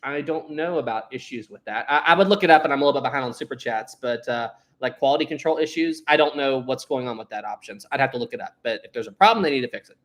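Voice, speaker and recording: A man's voice: medium pitch, fast, few pauses, fairly bright tone. A young man hosting a casual livestream, rambling and laughing often as he reads out chat messages. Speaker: livestream host. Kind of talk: casual live chat reading Super Chats.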